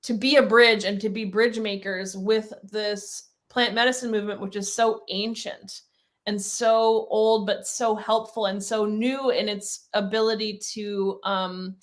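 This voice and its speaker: A woman hosting a livestreamed panel, gushing and excitable, with fillers as she talks. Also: mid-range voice, measured pace. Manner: gushing, excitable, self-described nerding out. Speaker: host. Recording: online video call.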